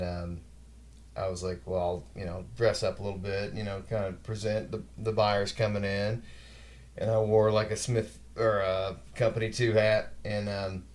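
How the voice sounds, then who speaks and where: A podcast host in his forties with a very deep, low voice. He rambles through casual office stories and swears now and then. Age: 40s. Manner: relaxed, rambling anecdotes with mild swearing. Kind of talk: casual chat.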